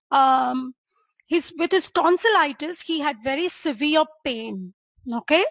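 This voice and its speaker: Lady doctor lecturing on a patient case, high voice, dry close sound, keeps asking the audience stuff. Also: fairly bright tone, no room sound. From India. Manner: engaging, checks in with listeners and asks rhetorical questions. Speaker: homeopathy doctor and teacher. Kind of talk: lecture presenting a clinical case.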